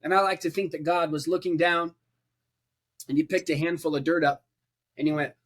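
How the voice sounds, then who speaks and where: A man preaching in a casual, conversational way as a podcast guest, with his voice pitched somewhat high for a man. He leans on emphatic repetition and piles up rhetorical lists to drive his points home. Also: steady tone, normal speed, a bit bright.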